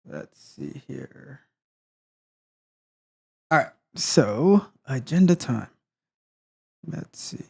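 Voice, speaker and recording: A man's voice: medium pitch, very animated, extremely slow, gravelly, pauses often, mellow, husky. A man hosting a live tech tutorial stream, chatting casually and greeting viewers in the chat. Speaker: host.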